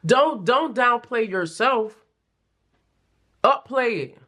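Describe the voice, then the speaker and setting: A young adult woman giving a casual pick-a-card tarot reading, chatty and animated, with playful slang and frequent laughs. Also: fairly high pitch, slow pace. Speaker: tarot reader.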